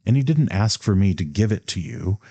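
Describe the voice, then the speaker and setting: A man's voice: on the low side, expressive, a little fast, husky, dry recording. A man reading as a faltering, timid mother. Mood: timid pleading. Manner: hesitant, stammering, gentle.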